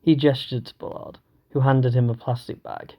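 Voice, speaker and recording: A man reading an audiobook, narrating in a steady, even voice. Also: mid-range voice, normal speed, lo-fi sound. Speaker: audiobook reader.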